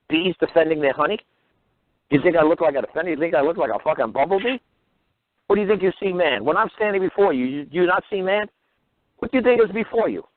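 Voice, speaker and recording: A man hosting a radio talk show, ranting with crude, mocking, swear-filled talk. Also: on the high side. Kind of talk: profane ranting monologue. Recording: tinny phone-line radio audio.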